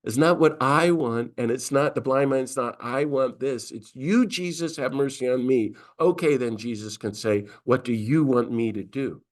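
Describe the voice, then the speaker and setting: A middle-aged priest teaching a class on scripture, lively and conversational, briefly acting out the voices of the figures he quotes. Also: mid-range voice, normal speed, hardly any pauses. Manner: animated, acts out quoted voices. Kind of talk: lecture on scripture.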